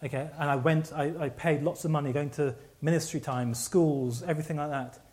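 A man's voice: fairly high pitch, steady tone, fairly quick, a little mellow. A man preaching a sermon, telling a personal story with many restarts and repeats.

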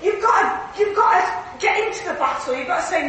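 A woman preaching a sermon in a church, earnest and lively, often laughing through her stories. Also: very high-pitched, moderate pace, few pauses, a little hiss or hum. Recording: echoey hall from far off, faint ambience.

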